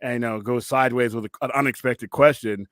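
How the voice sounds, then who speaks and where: A man's voice: mid-range voice, fairly even intonation, fairly quick, fairly bright tone, dry recording. A man from California hosting a live stream, chatting loosely and greeting viewers by name. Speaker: host of a live stream show. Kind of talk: casual live-stream chat.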